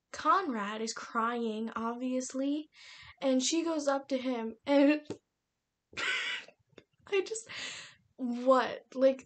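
A young woman giving a casual, exasperated book review rant, laughing often and mocking the characters in quotes. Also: high-pitched.

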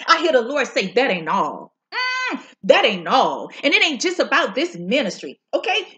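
Fervent high-voiced woman preaching with lively swoops. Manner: fervent, repeats lines for emphasis, soulful drawn-out "ooh" and "mm". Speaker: prophetic preacher. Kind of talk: impassioned prophetic preaching. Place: at home.

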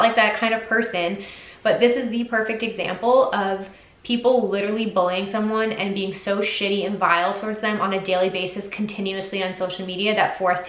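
A woman's voice: mid-range voice, a bit bright. Candid, swearing woman podcast host. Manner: casual, heavy swearing, lots of "like". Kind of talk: candid solo podcast talk. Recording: echoey room.

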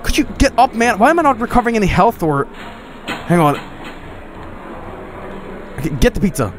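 A young man casually commenting while he plays a video game, excitable and often swearing. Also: high voice, normal speed, slight background noise. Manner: excitable, swearing, laughing, reading game lines aloud. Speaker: streamer. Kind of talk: casual let's-play commentary.

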